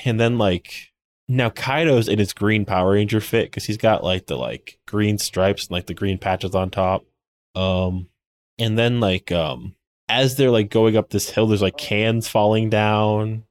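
Rambling, low-voiced podcast man. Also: unhurried. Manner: rambling, many "like" fillers, animated retelling with laughs. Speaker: podcast co-host. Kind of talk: casual chat recapping a TV episode.

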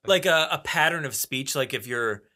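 A man's voice: medium pitch, lively intonation, moderate pace, sharp tone. A man co-hosting a podcast in casual chat, rambling and laughing, swearing freely. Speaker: podcast co-host.

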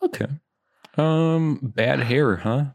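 A man with a mid-range voice co-hosts a podcast, speaking slowly as he chats casually and cracks jokes. He's animated and jokey while reading movie blurbs aloud.

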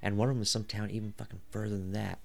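A man's voice: lowish voice, flat delivery, rapid-fire, creaky. A man in his thirties hosting a podcast, telling a rambling, joking story with lots of swearing. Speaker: podcast host. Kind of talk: casual storytelling.

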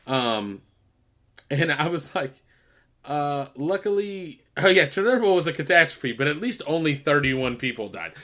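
Rambling, swearing young podcast host. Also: male voice, fairly high pitch, big pitch swings, measured pace, sharp tone. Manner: rambling, laughs often, heavy swearing. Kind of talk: casual chat.

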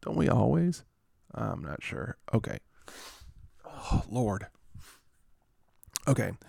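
A man's voice: fairly low pitch, very animated, slow, creaky, darkish tone, slightly rough, no room sound, studio quality. A man hosting a fantasy football show in a casual, rambling, joking way, full of playful asides. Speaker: fantasy football podcast host. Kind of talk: casual comedic sports chat.

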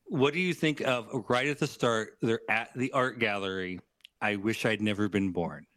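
A man who is a guest on a podcast, chatting casually about horror movies with a measured, dryly humorous delivery. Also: lowish voice, fairly bright tone. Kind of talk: casual movie review chat.

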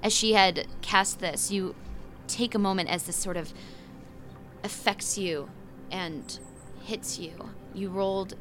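A woman's voice: mid-range voice, fairly even intonation, slow pace. A woman running a tabletop game as game master, narrating vividly and loosely with fillers.

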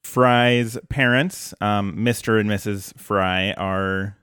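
A man's voice: on the low side, slow, clean tone, dry recording. Male podcast co-host, dry teasing delivery, close dry sound. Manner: dry, teasing, deadpan jokes. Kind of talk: casual podcast chat.

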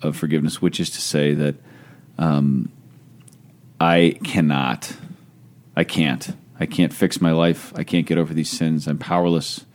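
A man hosting a podcast, speaking thoughtfully and deliberately with pauses and fillers. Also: extremely low pitch, flat delivery. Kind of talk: casual podcast conversation.

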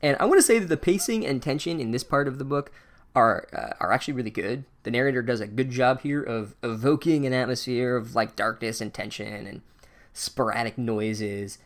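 Man, podcast host, casual comedic recap, sarcastic, swears a lot, rambling, mid-pitched voice. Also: brisk.

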